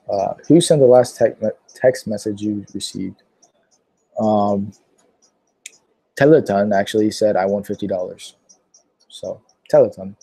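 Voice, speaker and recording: A nineteen-year-old man answering viewer questions on a casual livestream, his voice mellow and dark in tone and slightly low in pitch. He rambles in an offhand way, dropping plenty of "uh"s between answers. The sound is dry and close, with no room echo. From Pittsburgh, Pennsylvania. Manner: rambling, filler-heavy, many "uh"s.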